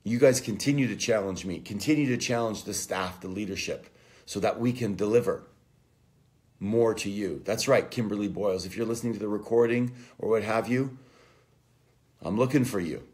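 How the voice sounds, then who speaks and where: A man hosting a live online coaching session, giving an energetic, profane motivational talk and calling out viewers by name. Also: moderate pace. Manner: energetic, profane, shouts names and "boom".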